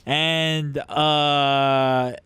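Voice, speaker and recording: A man co-hosting a casual podcast, dropping dry, deadpan quips. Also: fairly high pitch, drawn-out words, clear, resonant tone, no echo. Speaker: podcast co-host. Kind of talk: casual chat.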